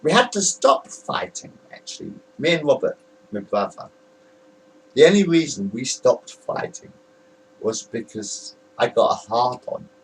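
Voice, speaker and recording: A man's voice: medium pitch, very animated, unhurried, distant mic, a little hiss or hum, low-quality recording. A man in his forties recalling family stories to camera in a candid, rambling way, laughing between them. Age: 40s. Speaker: man filming a home video about his family. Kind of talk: rambling personal recollection to camera.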